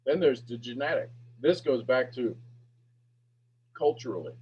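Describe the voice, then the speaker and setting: A man coaching a sales master class, firing emphatic, repetitive questions at his audience and pushing his voice up toward a shout. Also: medium pitch, lively intonation, unhurried, husky, highs cut off. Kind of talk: animated teaching talk to an online audience.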